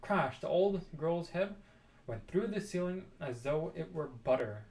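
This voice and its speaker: A man reading a children's book aloud, expressive with dramatic pauses. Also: a little high. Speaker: storybook reader.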